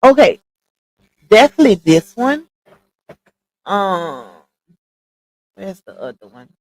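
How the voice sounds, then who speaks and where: A woman's voice: medium pitch, very animated, slow pace, darkish tone, poor audio. A woman hosting a casual livestream, chatty, calling her viewers y'all and stopping often to dig up screenshots. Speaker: livestream commentary host.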